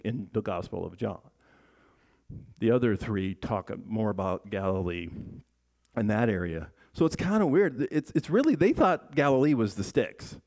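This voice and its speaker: Male pastor, mid-pitched voice, chatty teaching sermon, peppers it with questions to the congregation. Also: darkish tone. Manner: chatty, asks the congregation questions, frequent restarts. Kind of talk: conversational sermon.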